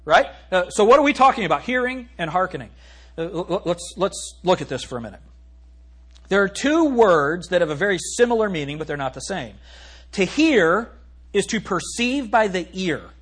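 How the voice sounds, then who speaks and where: Preaching a sermon in a church sanctuary, a male pastor swings between loud calls and hushed asides in a sing-song manner. His husky voice sits high for a man, and he slows into a weighty, emphatic cadence when reading scripture.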